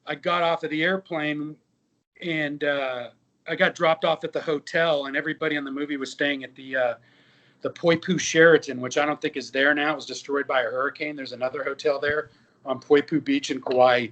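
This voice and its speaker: A man in his fifties, an actor and musician, telling lively anecdotes with quoted dialogue in a casual interview. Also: a little high, brisk.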